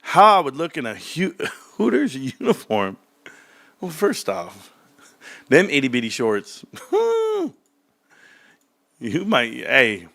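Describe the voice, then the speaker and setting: A man's voice: mid-range voice, very animated, unhurried, bright, forceful tone. A man ranting casually about stocks, joking and mocking others, now and then mimicking them in put-on voices. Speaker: stock commentary YouTuber.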